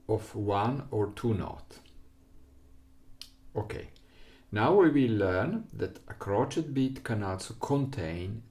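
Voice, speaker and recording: A man's voice: on the low side, darkish tone. A man with an Italian accent, an Italian speaker teaching a recorder lesson in simple English, patiently explaining step by step. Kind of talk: music lesson.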